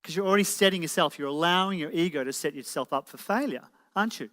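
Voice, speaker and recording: Speaking quickly in a fairly high, somewhat bright voice, a motivational speaker keeps asking his live audience rhetorical questions. The hall he's in is reverberant and full of listeners.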